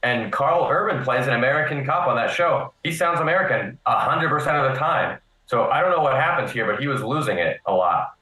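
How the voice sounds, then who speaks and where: Man, bright voice, opinionated, deliberate, echoey room. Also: mid-range voice, lively intonation. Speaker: panelist. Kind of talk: casual live panel discussion. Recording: roomy echo.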